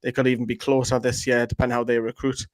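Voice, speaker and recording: A man's voice: mid-range voice, level tone, dry recording, rough recording. Chatty man reading fan comments. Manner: chatty, rambling, quick to joke. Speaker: fan channel co-host. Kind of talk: casual chat reading viewer comments.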